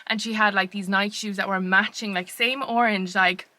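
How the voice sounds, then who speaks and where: Young Irish woman, casual podcast storyteller, bright, dry close sound. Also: mid-range voice, fairly even intonation, normal speed, dry recording. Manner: chatty, rambling storyteller with many fillers. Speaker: podcast co-host. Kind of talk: casual chat.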